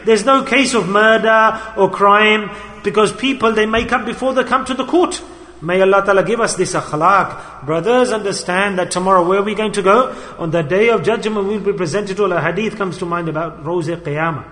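A man preaching a sermon in a storytelling style, moving between loud emphasis and quiet asides. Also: high voice, moderate pace. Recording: long hall reverb.

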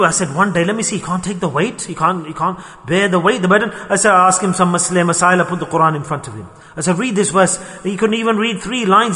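Bright, forceful and pitched high, the voice of a male preacher drives a brisk, impassioned sermon of pleading, his English sprinkled with Arabic and Urdu religious words. Every phrase leaves a long hall reverb in its wake.

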